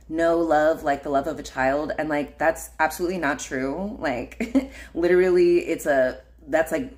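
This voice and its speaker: Slow, low-voiced woman chatting casually. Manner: rambling, filler-heavy, frequent laughs and "like". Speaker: podcast host. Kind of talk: casual solo livestream chat.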